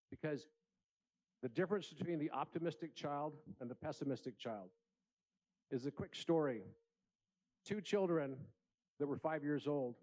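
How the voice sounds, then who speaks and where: A man's voice: a little high, darkish tone, rough recording. A man giving an earnest, inspirational keynote speech at a conference, telling stories in a large room. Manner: earnest, storytelling with acted voices. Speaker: conference speaker.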